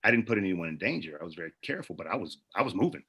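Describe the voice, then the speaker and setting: A man's voice: low-pitched, very fast, husky. A middle-aged actor and producer, a man, telling stories as a guest in a casual interview and acting out the people in them. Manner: animated, acts out the people in his stories.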